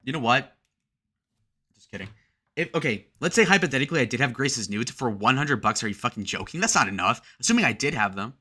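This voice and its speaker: A man hosting a livestream, reading chat messages aloud and joking crudely, with sudden loud shout-outs. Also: medium pitch, animated, fairly quick, slightly rough. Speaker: livestream host.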